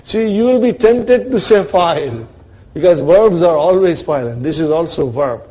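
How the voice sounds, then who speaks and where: A man teaching a grammar lesson in a somewhat high, mellow voice. He walks his students through each point with rhetorical questions and keeps checking that they are following him. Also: animated, unhurried, slightly rough. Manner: checks in often with "are you with me" and "brother"; explains step by step with rhetorical questions. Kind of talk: classroom lecture.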